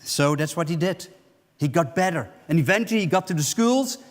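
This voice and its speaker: A male pastor preaching in a church, with a high-pitched voice carried by a long reverb through the sanctuary. He tells the story vividly and slips into the voices of the people in it as he speaks. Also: lively intonation, a little fast. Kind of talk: sermon.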